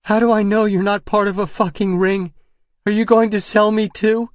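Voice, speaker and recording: A desperate, terrified young woman cries out in shrill, pleading bursts, put on by a male audiobook narrator. The voice sits high and loud. The sound is dry and a little dull. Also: takes it slowly, no echo. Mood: frantic.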